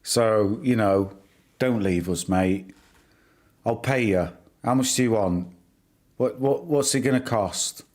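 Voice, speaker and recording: A man's voice: medium pitch, a little slow, a little mellow. A middle-aged man hosting a live stream, chatting casually and teasing his viewers by name. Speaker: livestream host.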